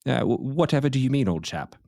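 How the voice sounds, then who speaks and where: A man's voice: medium pitch, expressive, fast, vocal fry, dark tone, no room sound, clean studio sound, voice pushed up. A man voicing a pompous male radio host in a put-on British accent, with stilted, pretentious wording. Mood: feigned innocence.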